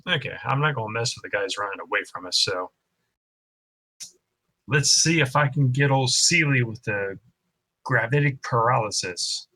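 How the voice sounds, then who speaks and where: Tabletop player, male, husky bright tone, casual delivery. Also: mid-range voice, normal speed, long pauses, no echo, poor audio. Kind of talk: tabletop role-play.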